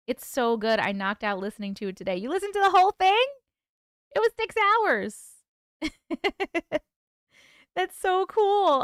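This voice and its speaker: A woman's voice: on the high side, clear, resonant tone, no echo, studio quality. Chatty woman host reading live chat. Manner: chatty, laughs often, reacts to chat aloud. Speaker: livestream host and author.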